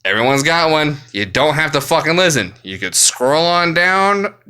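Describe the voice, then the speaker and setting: A man delivers an exasperated, profanity-laced rant straight to his viewers. His voice sits a little high and sounds bright and forceful. He talks bluntly, like someone completely fed up. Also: very animated, normal speed, smooth. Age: adult, works full time. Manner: angry, swearing constantly, exasperated. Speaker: vlogger. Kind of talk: profane ranting monologue.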